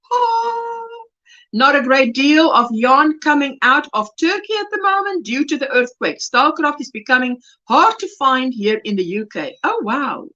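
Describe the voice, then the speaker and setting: A woman from South Africa hosting a casual crochet livestream, chatty and animated, gushing over yarn and reading viewer comments aloud. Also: sits high, normal speed, few pauses. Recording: dull lo-fi livestream audio.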